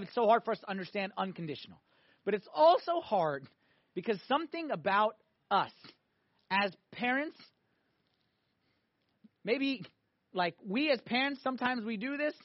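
Male priest, high voice, animated sermon, dull dry lo-fi recording. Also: normal speed, pauses often, dry recording. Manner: animated preaching, swinging between loud emphatic peaks and quiet asides.

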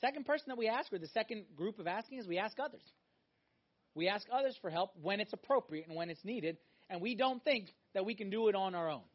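A man preaching a sermon, emphatic and animated, swinging between loud exhortation and hushed intensity. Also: high voice, fairly quick. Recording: dull lo-fi recording.

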